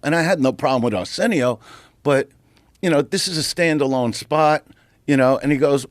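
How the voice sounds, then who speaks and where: A man's voice: fairly high pitch, normal speed, no room sound. Brash, profane middle-aged man telling stories. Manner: brash, profane, animated storytelling with acted-out quotes. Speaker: podcast guest, comedian. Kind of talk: casual storytelling.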